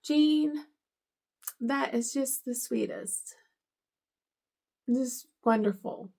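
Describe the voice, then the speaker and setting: A woman's voice: high-pitched, extremely slow, creaky, warm tone. A middle-aged woman vlogger unboxing gifts, gushing and teary with emotion. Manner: gushing, emotional, tearful at times. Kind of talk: casual unboxing vlog.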